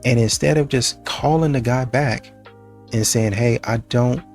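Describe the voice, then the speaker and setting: A man's voice: medium pitch, measured pace, a little mellow, soft background music. A man giving casual reaction commentary on dating, with loose conversational restarts. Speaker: reaction channel host.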